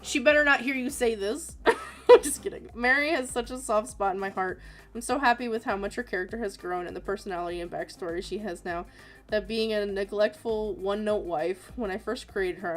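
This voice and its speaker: A young woman hosting an art livestream, chatting casually and giggling as she reads viewer messages aloud. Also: medium pitch. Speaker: art streamer reading viewer submissions.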